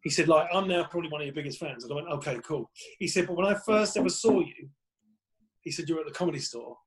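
A man's voice: on the high side, fast talker, poor audio. A man, a comedian guest on a podcast, telling rambling anecdotes in casual chat with plenty of swearing.

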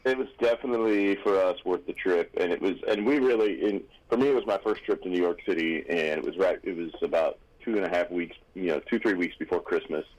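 A man's voice: low-pitched, fast talker, hardly any pauses, darkish tone, rough recording. A man chatting casually on a radio show, telling rambling anecdotes full of restarts and asides.

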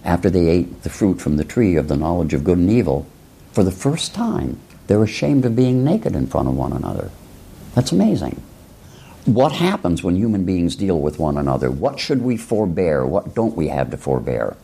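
A man from rural Illinois talks through his ideas like a professor, tossing out rhetorical questions and side remarks. His somewhat low voice is gravelly and husky. It rises and falls in a lively way. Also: moderate pace. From rural Illinois, USA. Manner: musing, rhetorical questions, frequent asides. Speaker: philosophy professor. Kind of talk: reflective lecture-style talk.

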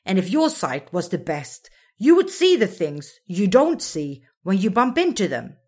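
A woman's voice: medium pitch, sing-song, unhurried, darkish tone, husky. A woman voicing a small, fussy male creature who speaks in a precise, correcting, know-it-all way in a storybook reading. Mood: matter-of-fact. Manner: precise, correcting, matter-of-fact.

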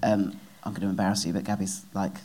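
A woman's voice: a bass voice, level tone, quick pace, warm tone, slight background noise. A woman hosting a live chat, sweary and teasing. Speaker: host. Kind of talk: casual chat.

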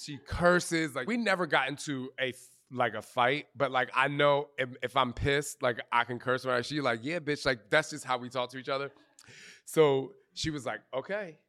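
Man, animated storyteller, slangy, curses, acts out quotes, live group Q&A. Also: medium pitch, moderate pace. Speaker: fitness trainer interviewee. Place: outdoor retreat gathering.

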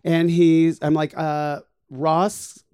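A man who performs in drag, telling comic stories in casual chat, animated and swearing often as he acts out the people in them. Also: on the high side, extremely slow, clean tone, no echo, studio quality.

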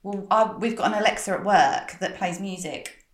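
A woman's voice: medium pitch, normal speed, echoey room. A woman co-hosting a podcast, making dry, matter-of-fact remarks in casual chat. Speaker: podcast co-host.

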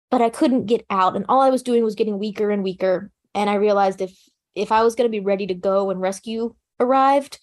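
Calm, matter-of-fact woman telling her story. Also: mid-range voice. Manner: plain conversational fillers like "you know" and "like". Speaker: interview guest. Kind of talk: personal survival story in conversation.

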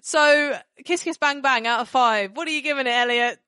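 A woman co-hosting a podcast in casual chat, animated and rambling, apologising and laughing often. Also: high voice, moderate pace, clear, resonant tone, no room sound, clean studio sound. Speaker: podcast co-host.

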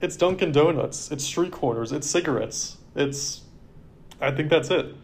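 A man's voice: on the high side, unhurried. A man co-hosting a podcast in casual chat, talking in a rambling, laid-back way. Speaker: podcast co-host.

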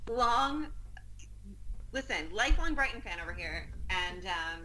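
A woman, a panelist on a football podcast, playful and laughing, with quick asides. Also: medium pitch, animated, sharp tone, slight background noise, low-quality recording. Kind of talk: casual football chat.

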